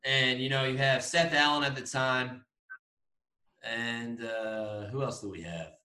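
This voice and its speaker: This young podcast co-host rambles through a casual story, laughing and cursing along the way. He speaks a little slowly with a bright, forceful medium-pitched voice and fairly even intonation, recorded from a distance in an echoey room.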